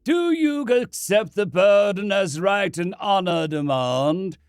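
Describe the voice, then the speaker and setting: A solemn priest drawing out every word of an ancient rite, pitched above the reader's usual voice and rising and falling in wide sweeps. He is put on by a man narrating a storybook tale. The delivery is dry and close, with no room sound. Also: expressive, clean tone, dry recording, exaggerated voice. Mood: solemn, ritual. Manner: slow, ceremonial intoning. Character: solemn chanting middle-aged male priest.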